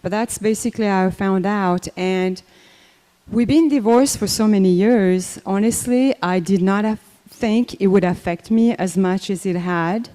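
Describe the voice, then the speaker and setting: An older woman speaks at a memorial in a warm, mellow voice, taking her time and filling gaps with ums and restarts. Her voice rings with a long reverb in a temple hall. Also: mid-range voice. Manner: unhurried, conversational, many fillers and restarts. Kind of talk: personal memorial talk.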